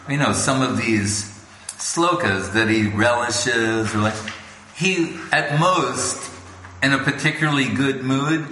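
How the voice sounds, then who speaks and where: In a gathering hall, a spiritual lecturer gives an informal devotional talk, telling stories and acting out other people's voices. His fairly low voice sounds bright and forceful. The room is echoey, with faint background noise.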